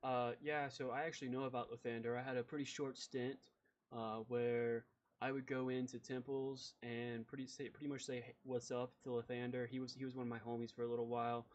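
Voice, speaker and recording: A man's voice: medium pitch, flat delivery, fairly quick, lo-fi sound, lightly acted. A man doing a laid-back young blacksmith. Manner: casual, easygoing.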